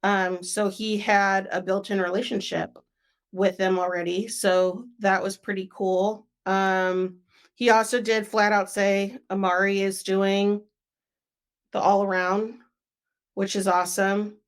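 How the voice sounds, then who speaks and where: A young woman co-hosting a sports podcast, chatting casually and filling pauses with "um" and "like". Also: mid-range voice, level tone. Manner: chatty, frequent "um" and "like" fillers.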